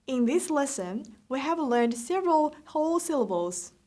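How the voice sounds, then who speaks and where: A woman teaching Mandarin pronunciation, saying each syllable slowly and repeating it for the learner. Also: high voice, very animated, dark tone. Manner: slow, drilled repetitions of syllables. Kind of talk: slow pronunciation lesson.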